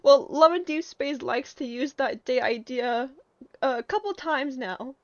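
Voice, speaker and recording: A woman's voice: high voice, animated, measured pace, dry recording, lo-fi sound. A woman streaming a story game, reading its narration aloud and breaking into laughs and outbursts.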